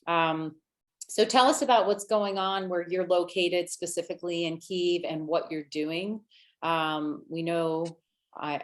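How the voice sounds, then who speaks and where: Woman host, low voice, friendly, lots of ums, casual interviewer. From United States. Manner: friendly, halting with fillers.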